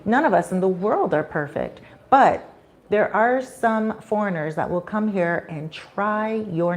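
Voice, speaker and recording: A medium-pitched woman, with a bit of noise behind her, is casually telling a story during a live stream. She's an animated narrator who performs the voices of the people in it.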